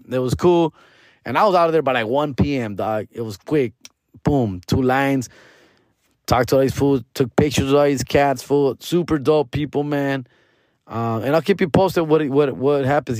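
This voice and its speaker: A man's voice: medium pitch, darkish tone, no room sound, studio quality. A man hosting a comedy podcast, telling a rambling story full of street slang and repeated restarts. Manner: slangy, rambling, calls the listener dog and fool. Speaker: podcast host.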